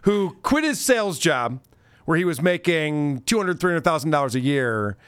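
A man's voice: a little high, sing-song, moderate pace, a bit bright, clear, resonant tone, no room sound. A man co-hosting a podcast, chatting casually and mockingly about video clips, laughing often. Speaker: podcast co-host.

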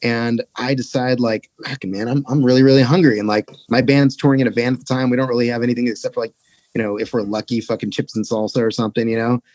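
A man's voice: mid-range voice, flat delivery, fast, darkish tone, no room sound. A young man casually telling a rambling, profane touring story as a podcast guest.

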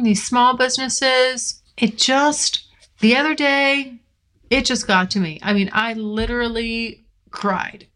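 A woman's voice: fairly high pitch, a bit bright. A woman hosting her own podcast, venting frankly and with plenty of swearing. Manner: frank and profane, venting with laughs. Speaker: podcast host. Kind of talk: candid solo podcast rant. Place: California. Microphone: filmed while recording.

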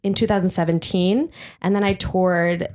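A woman in her twenties from Chicago, a guest actress chatting in a casual interview, bubbly and quick to laugh. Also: on the low side. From Chicago, USA. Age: 20s. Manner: bubbly, laughs often, animated.

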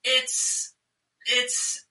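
A woman co-hosting a podcast in casual chat, laughing often and talking in an animated way. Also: extremely slow, roomy sound, far from the mic, rough recording. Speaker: podcast co-host.

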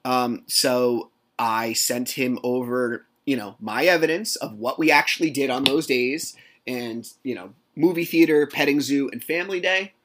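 A man's voice: mid-range voice, measured pace, fairly bright tone. A man hosting a solo podcast, chatting casually and telling stories animatedly, reenacting conversations and swearing now and then. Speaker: podcast host.

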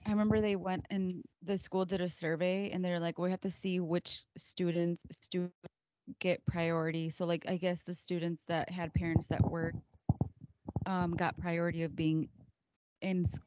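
A woman in her thirties co-hosting a casual podcast, telling animated stories about her kids and acting out their voices. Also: lowish voice, measured pace, lo-fi sound, noisy background. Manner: animated storyteller, acts out kids' voices. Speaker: podcast co-host. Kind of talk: casual chat.

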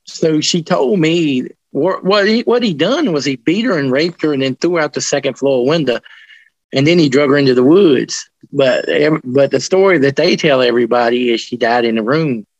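A man telling ghost stories in an interview, rambling and restarting his sentences, animated as he tells them. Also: medium pitch, moderate pace, dry recording, lo-fi sound. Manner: rambling, with many restarts and colloquial grammar. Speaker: interviewee, paranormal investigator. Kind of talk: casual storytelling interview.

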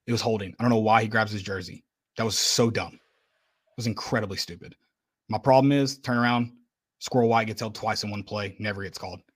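Male podcast co-host, lower register, emphatic and exasperated. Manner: frustrated venting, blunt and emphatic. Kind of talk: casual sports podcast chat.

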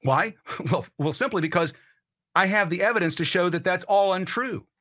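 A man's voice: sits high, normal speed, sharp tone. A man hosting a political commentary show, ranting in a heated, blunt and profane way. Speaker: host.

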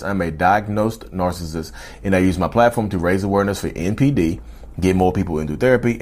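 A man hosting his own podcast in a casual, animated solo monologue, often repeating and restarting himself as he goes. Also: deep voice. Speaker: podcast host.

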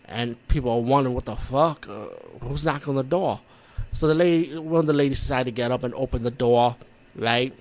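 A man with a New York accent, from the Bronx, casually recapping a horror movie in a rambling, profane way, acting out his own reactions. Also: mid-range voice. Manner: rambling, profane, animated retelling with acted-out reactions. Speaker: movie reviewer.

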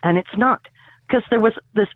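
A woman who teaches college tells a radio-history story with lively energy. She wanders into asides and restarts her sentences, and her fillers come thick. The sound is thin and phone-like, dry and close, with no room around it. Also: mid-range voice, normal speed, no echo.

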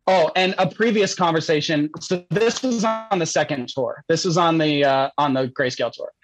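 A man's voice: on the high side, normal speed, poor audio. A young man telling a story as a podcast guest, casual and rambling, laughing often and saying "like" a lot.

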